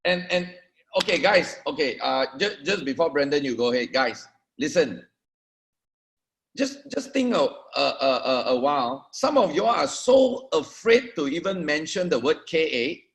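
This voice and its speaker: A man with a somewhat high voice leads a motivational training. He is emphatic and talks straight to his listeners, repeating words as he drives each point home. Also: big pitch swings, a little slow, vocal fry. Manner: emphatic, addresses the audience directly with repetitions. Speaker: network marketing trainer.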